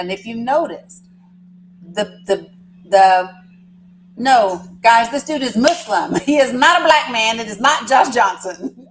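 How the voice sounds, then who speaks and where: A woman hosting a livestream tells a story to her live chat in a rambling, chatty way, teasing viewers and swearing casually now and then. Her fairly high voice is expressive and unhurried, with soft background music under a low-quality recording.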